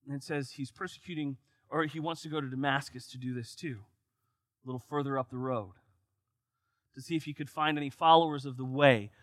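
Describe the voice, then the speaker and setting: A man's voice: mid-range voice, fairly quick, no room sound. A man preaching a sermon, reading scripture aloud and then explaining it with rising emphasis.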